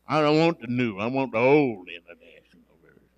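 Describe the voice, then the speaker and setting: A man preaching a sermon, animated and swinging between loud emphasis and quiet asides. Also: medium pitch, a little fast, dull audio. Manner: acts out quoted scripture speakers dramatically.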